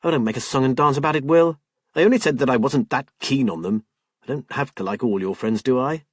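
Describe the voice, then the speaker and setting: A man's voice: mid-range voice, a little fast, breathy edge, no echo, studio quality, pitched above the performer's own voice, lightly acted. A man voicing a stressed, overworked woman who snaps impatiently and then breaks down, in an audiobook. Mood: dismissive. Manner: sharp and impatient, turning tearful. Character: tense overworked woman artist, snappish.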